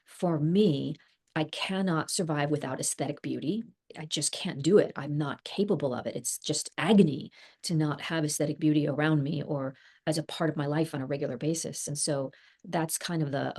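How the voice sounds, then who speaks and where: A middle-aged woman with a notably low voice, chatting casually as an interview guest. She thinks aloud, circles back on her words and often breaks into laughter. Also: normal speed, a little mellow, husky. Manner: thoughtful, rambling, laughs often. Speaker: actress guest.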